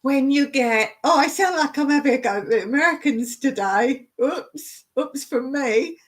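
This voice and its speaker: A woman's voice: sits high, lively intonation, moderate pace. A woman chatting casually on a live stream, laughing as she rants about her pet peeves. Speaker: vlogger hosting a live stream.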